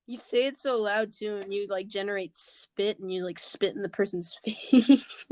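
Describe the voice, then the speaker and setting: A woman's voice: mid-range voice, moderate pace, a little mellow. A woman co-hosting a podcast in laid-back, teasing casual chat. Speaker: podcast co-host.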